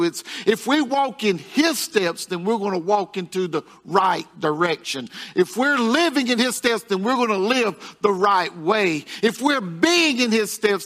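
A man's voice: high voice, fairly bright tone. A male pastor preaching a sermon in a folksy, repetitive way, chuckling at his own jokes.

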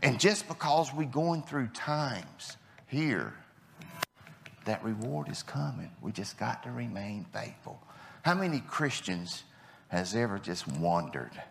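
A man preaching a sermon, impassioned, swinging between loud declarations and hushed low lines. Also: very animated, measured pace, gravelly, slight background noise.

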